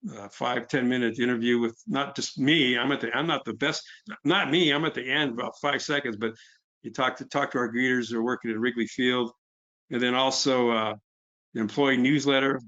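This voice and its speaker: A man's voice: medium pitch, fairly even intonation, moderate pace, sharp tone, lo-fi sound. A middle-aged man gives a casual presentation about his nonprofit, talking freely with fillers and restarts. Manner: conversational, fillers, quotes others. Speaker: nonprofit founder. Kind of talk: webinar presentation.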